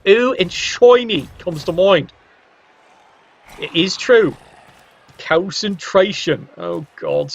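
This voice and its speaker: A man's voice: high voice, wildly swooping pitch, takes it slowly, pauses often, slightly rough. A man doing casual play-by-play commentary on a fantasy sports match, wry and joking with a playfully biased slant. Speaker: game commentator. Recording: dull lo-fi recording.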